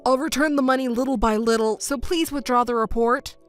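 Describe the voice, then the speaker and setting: A woman's voice: fairly high pitch, fairly quick, soft background music, natural voice. A woman reading the part of a cheating husband in a texting story, pleading and defensive, stammering when cornered. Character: cheating, embezzling husband, adult man.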